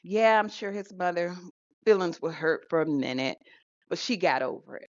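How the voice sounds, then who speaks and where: A woman co-hosting a podcast, telling a story in an animated, casual way. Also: fairly low pitch, moderate pace, no room sound. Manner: animated storytelling with laughs and fillers. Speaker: podcast co-host. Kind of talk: casual chat. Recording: dull lo-fi sound.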